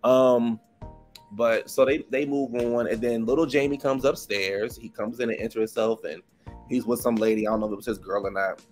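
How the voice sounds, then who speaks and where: A man with a DMV accent chats through a reality TV recap, animated and gossipy. He laughs often and jumps high in pitch when he mimics the cast, over a mid-range everyday voice. Faint music plays underneath. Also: normal speed. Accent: DMV (Washington DC area). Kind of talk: casual chatty episode review.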